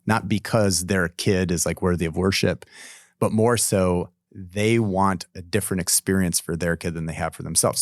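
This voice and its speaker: A man's voice: sits low, dry recording, studio quality. A man, a pastor, talking earnestly and reflectively in a casual podcast discussion.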